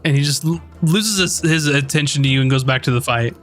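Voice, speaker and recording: A man's voice: medium pitch, fast talker. Guy gm narrating a tabletop game, chatty and easygoing, some music behind. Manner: relaxed, chatty, filler-heavy narration. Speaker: game master.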